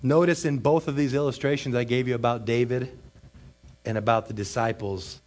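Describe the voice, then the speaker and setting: A man's voice: mid-range voice, darkish tone. A man preaching a sermon as pastor, emphatic, stretching out and repeating key phrases.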